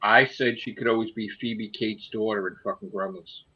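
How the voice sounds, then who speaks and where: A man co-hosting a casual fan podcast, talking in a blunt, animated way and swearing often. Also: fairly low pitch, moderate pace, breathy edge. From Italian heritage. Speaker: podcast co-host. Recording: muffled lo-fi audio.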